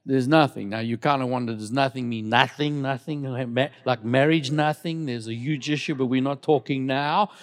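A middle-aged male pastor preaching a lively sermon in church, leading the congregation in call-and-response. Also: mid-range voice, moderate pace, few pauses.

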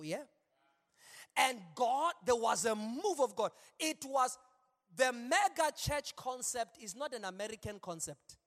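A male pastor preaching an animated sermon in a large church, with call-and-response asides. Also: very high-pitched. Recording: long hall reverb.

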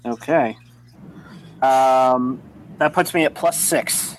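A man's voice: mid-range voice, slow, slight background noise, rough recording. A man playing a tabletop game, hesitantly describing his character's actions with many ums. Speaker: player.

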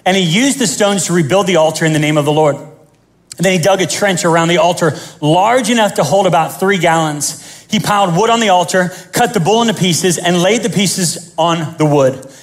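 High-voiced animated male pastor. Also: moderate pace. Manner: animated, joking, acts out scenes. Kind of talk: sermon.

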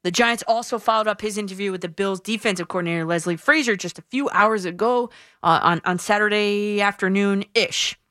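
A woman's voice: mid-range voice, fairly quick, fairly bright tone, no echo. A woman hosting a sports radio show, giving her opinions in a punchy, emphatic way into a studio microphone.

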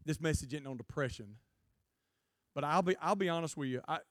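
A man preaching a jokey, animated youth sermon to a live student audience. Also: on the high side, brisk, dry recording, studio quality. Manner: jokey, animated, acts out quotes in funny voices. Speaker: guest preacher.

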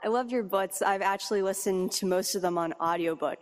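A woman's voice: medium pitch, fairly quick, slight background noise. A woman in the audience asking a question, hesitant with fillers. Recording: long hall reverb.

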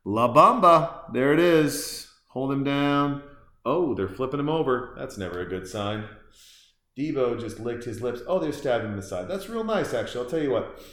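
A man talking casually as a podcast host, rambling and restarting his sentences with plenty of fillers. His voice sits at an ordinary middle pitch. The room around him rings with a noticeable echo. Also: expressive, moderate pace. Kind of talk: casual chat, reacting to a film while drinking beer.

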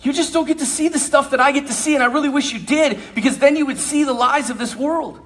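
A man, a priest, telling a story to young people in an animated, joking way, acting out the people he quotes. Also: extremely high pitch, fast talker. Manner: animated, jokey storyteller who acts out quotes.

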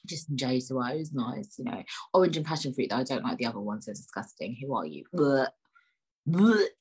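A woman's voice: a bass voice, quick pace, slightly rough, rough recording. A woman hosting a solo podcast, rambling in a chatty, joking, self-mocking way. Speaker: podcast host.

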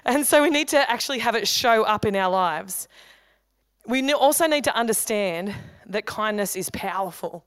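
Woman pastor, smooth clear voice, dry close sound, chatty joking sermon delivery. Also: mid-range voice, lively intonation, fairly bright tone, no echo. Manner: conversational, humorous preaching with quick asides. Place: church hall.

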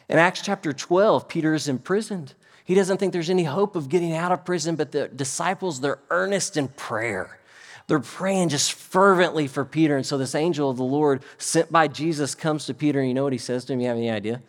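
A man's voice: fairly high pitch, brisk. A male pastor preaching a sermon to a congregation in a church, putting questions to the listeners as he goes. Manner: animated, quizzes the congregation. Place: church sanctuary before a congregation. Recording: long hall reverb.

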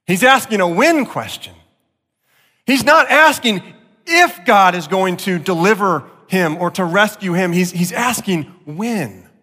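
A man preaching a sermon as pastor, expressive, jumping up in pitch to act out quotes. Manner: expressive, acts out quotes with sharp jumps in pitch. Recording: long reverb of a large hall.

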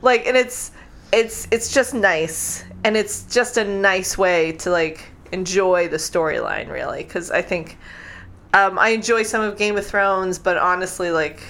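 Woman, podcast co-host, casual chat, rambling, filler-heavy, mid pitch. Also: measured pace, a bit bright. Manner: chatty, full of "like" fillers, laughs often.

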